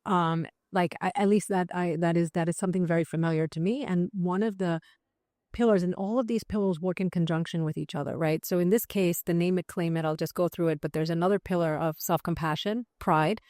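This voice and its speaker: Interview guest: woman with a lowish voice, animated and conversational, dry close sound. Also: brisk, no room sound. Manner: animated, with many restarts and fillers. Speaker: psychiatrist guest.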